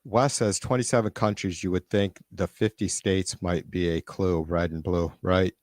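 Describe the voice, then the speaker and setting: A man's voice: sits low, steady tone, normal speed, a little mellow, no echo, studio quality. A man hosting a live stream, reading viewer comments aloud and ranting with frequent profanity and irritation. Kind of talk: casual live-stream rant. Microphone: computer mic on a live stream.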